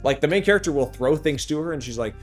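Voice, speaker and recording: A man giving a casual, sarcastic anime review with big jumps in pitch. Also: lively intonation, fast talker, soft background music. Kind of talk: casual commentary.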